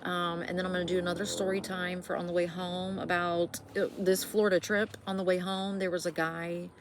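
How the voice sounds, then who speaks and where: A middle-aged woman from Indiana with a somewhat low voice tells a spooky story straight to her viewers. She rambles casually, swears, and keeps checking in with them. A faint hum of background noise sits under her voice. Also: flat delivery, fairly quick. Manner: chatty, swearing, many fillers and asides to viewers. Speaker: vlogger.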